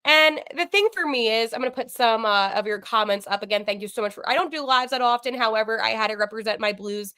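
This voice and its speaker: A woman hosts a live post-game sports show from home, her voice bright and sharp with a rather high pitch. She talks excitedly and gets flustered, tumbling into quick asides and fillers as she reacts. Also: clean tone. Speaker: podcast host.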